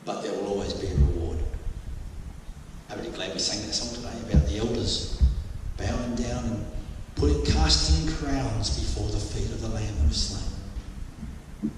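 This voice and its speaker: A man's voice: on the low side, moderate pace, noisy background. A man preaching a sermon, telling anecdotes with jokey asides and little voices. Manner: anecdotal, jokey, with bursts of mimicry. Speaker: pastor. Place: church hall. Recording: echoey hall, mic from far off.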